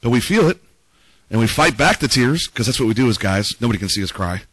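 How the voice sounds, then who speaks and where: A man's voice: mid-range voice, expressive, fairly quick, fairly bright tone, no room sound, rough recording. A man preaching a conversational sermon, reading scripture aloud and asking the congregation rhetorical questions. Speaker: pastor.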